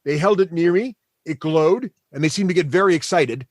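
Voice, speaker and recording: A man's voice: on the high side, dry recording, studio quality, close to an everyday voice. A man voicing a male dwarf prisoner who rambles with lots of "uh" fillers and puts on a mock Canadian accent, tacking "eh" onto his lines. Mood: rueful. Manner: attempted Canadian accent, tacks on "eh"; halting, many "uh" fillers.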